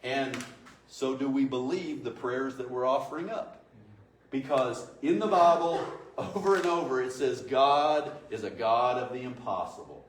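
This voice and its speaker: A man's voice: mid-range voice, a little slow. A man preaching to his congregation in a conversational way, often asking rhetorical questions. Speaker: pastor. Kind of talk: sermon. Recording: echoey room, distant mic, faint noise.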